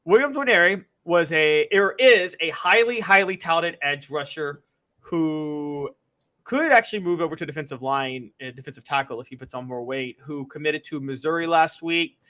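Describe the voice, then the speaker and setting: A man's voice: on the high side, moderate pace, bright, forceful tone. A man co-hosting a casual sports talk show, joking and sarcastic.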